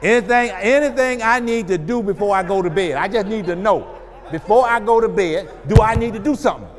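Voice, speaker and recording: A man's voice: sits high, a little fast, in a large hall, a crowd in the background, voice pushed up, lightly acted. A man voicing a young boy eagerly asking his mother whether there is anything he needs to do. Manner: pleading and eager.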